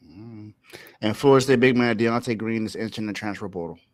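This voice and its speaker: A man's voice: fairly low pitch, a little fast, no room sound. A man on a sports podcast reading out college news items between casual chat. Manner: reads news items, brief interjections. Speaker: podcast co-host.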